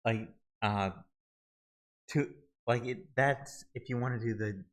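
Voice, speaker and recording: A man walking viewers through a website search tool in a halting, casual screen-recorded tutorial, often restarting his sentences. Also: mid-range voice, poor audio. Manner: halting, many restarts and fillers. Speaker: video tutorial host.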